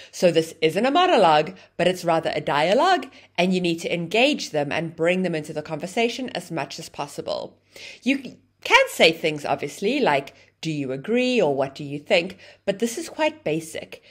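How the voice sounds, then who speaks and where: A woman teaching an online English grammar lesson, explaining with a lively, sing-song intonation. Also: fairly low pitch.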